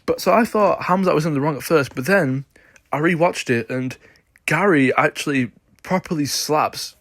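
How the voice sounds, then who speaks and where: A man's voice: a little high, moderate pace, fairly bright tone, dry recording, studio quality. A man giving opinionated sports commentary, emphatic and insistent as he argues his case.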